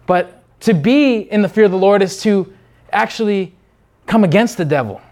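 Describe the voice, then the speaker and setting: Man, preacher, high voice, fervent unscripted sermon, repeats himself, mimics other people briefly. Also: animated, normal speed, a little mellow.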